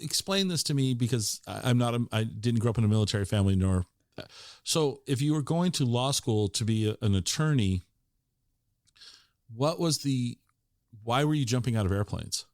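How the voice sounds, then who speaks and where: A man's voice: medium pitch, expressive, moderate pace, darkish tone, no echo, studio quality. A man hosting an interview, asking curious, rambling questions. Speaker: podcast host. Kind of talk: casual interview chat.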